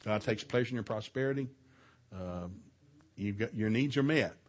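A middle-aged man giving a preaching talk at a marriage seminar in a church, telling stories with lively shouted quotes and frequent chuckles. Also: on the low side, moderate pace. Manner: animated storytelling, shouts out quoted lines, chuckles often. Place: church hall, live session.

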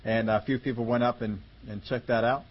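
A man preaching a conversational Bible-teaching sermon, slowing down and stretching key words for emphasis. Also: mid-range voice, fairly even intonation, lo-fi sound. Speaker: pastor.

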